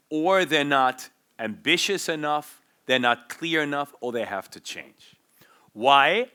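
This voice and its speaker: A male speaker at a business forum explains his points with lively examples. His voice is bright and forceful. He sits at a medium pitch. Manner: animated, explanatory, uses vivid examples. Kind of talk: conference talk.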